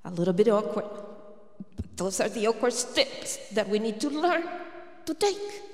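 A woman's voice: a little high, sing-song, moderate pace, darkish tone. A woman preaching at a prayer gathering. She tells a personal story in an earnest way and acts out what others said. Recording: echoey hall reverb.

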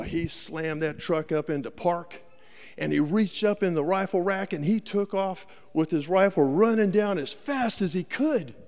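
A man with a drawl tells a sermon story in a folksy, dramatic way, acting out every voice. His voice sits a little high for a man. It rings with a long reverb, as in a large church hall. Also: darkish tone. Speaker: preacher.

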